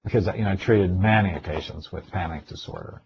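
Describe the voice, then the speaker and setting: Deep-voiced man telling lecture stories. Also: brisk, vocal fry, slight background noise. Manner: storytelling, acts out his own inner thoughts. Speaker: psychiatrist giving a webinar. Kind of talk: casual spoken lecture with personal stories. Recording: dull lo-fi webinar audio with faint ambience.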